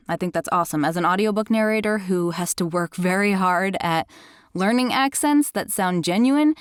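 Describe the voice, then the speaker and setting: A woman who narrates audiobooks walks through a software tool in a chatty, enthusiastic tutorial. Her voice sits fairly low for a woman. The recording is dry and close. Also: no room sound. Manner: chatty and enthusiastic, self-described critical listener.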